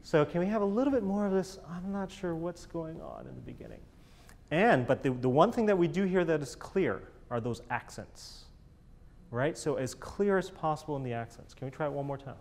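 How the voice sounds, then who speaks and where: A man's voice: a little high, expressive, fairly quick, a little mellow. A man coaching a chamber ensemble in a master class, encouraging and enthusiastic, singing out rhythms with syllables.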